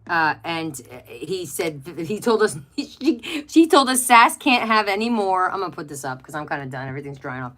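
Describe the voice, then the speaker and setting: A chatty middle-aged woman on a home craft livestream, her voice sitting a little low for a woman. She talks into a webcam in a loose, rambling way. She gushes over pets and reads out viewer comments as she works. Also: very animated, moderate pace, few pauses, fairly bright tone. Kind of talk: casual chat while crafting, reading viewer comments.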